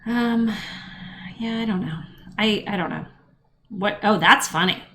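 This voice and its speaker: A woman's voice: mid-range voice, unhurried, a bit bright. A woman chatting casually as a podcast co-host, wry and rambling, with frequent asides. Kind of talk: casual chat.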